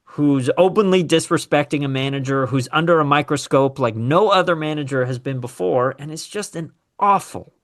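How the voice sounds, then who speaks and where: A man hosting a casual sports talk show, animated and opinionated, with sarcastic asides. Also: a little high, moderate pace, hardly any pauses. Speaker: podcast host.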